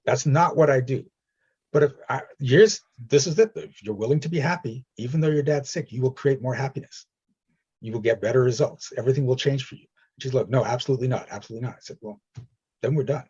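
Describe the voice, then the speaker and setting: A man's voice: mid-range voice, fairly quick, a little mellow, slightly rough, highs cut off. A man leading a coaching session, talking directly and reassuringly and acting out stories in quoted voices. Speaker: energy healing coach.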